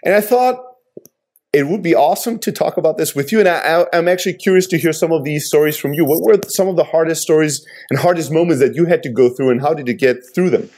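A man's voice: fairly high pitch, fast talker, a little mellow. A man, an entrepreneur, speaking earnestly and reflectively in casual conversation.

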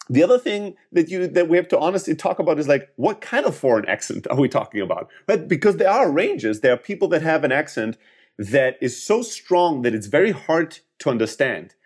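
A man with a slightly raised pitch, speaking as a guest on a podcast. He gives earnest sales advice, walking through each point step by step. He often checks in with the listener through short tag questions. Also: animated, brisk, a little mellow. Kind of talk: casual advice in a podcast interview.

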